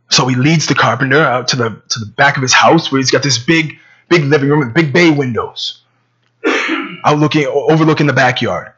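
A man's voice: mid-range voice, brisk, bright, forceful tone, slightly rough, dull audio. A man preaching a sermon, telling a story conversationally with stammering repeats, then praying.

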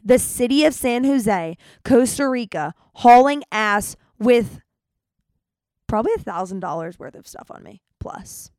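A young woman hosting a podcast, telling stories in an animated, chatty way, with dramatic retellings. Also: a little high, no room sound. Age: young adult. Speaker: podcast host. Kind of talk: casual storytelling monologue.

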